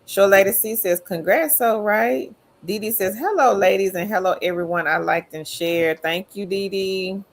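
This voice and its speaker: A woman hosting a livestream reads viewers' chat comments aloud in an upbeat, friendly way, calling them queen. Her voice is mid-range and her speed normal.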